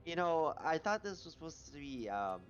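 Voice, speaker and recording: A man's voice: fairly high pitch, very animated, moderate pace, muffled recording, soft background music. A man voicing a sarcastic female adventurer in a tabletop game, indignant and mocking.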